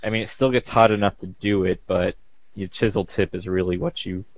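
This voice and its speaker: A man's voice: low voice, fairly even intonation, fairly quick, dull audio. A man in casual chat explaining tools in a matter-of-fact way.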